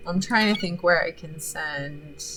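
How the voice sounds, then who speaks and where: A woman's voice: deep voice, measured pace, noisy background. A woman streaming a game, chatting casually and reading the game's text aloud as she thinks through her choices. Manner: chatty, thinking aloud with fillers between read-out passages.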